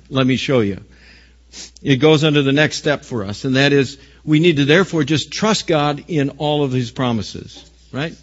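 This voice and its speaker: Emphatic preaching man, dull lo-fi sound. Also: on the high side. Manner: emphatic preaching, rising loud on key phrases. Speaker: pastor. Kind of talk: sermon.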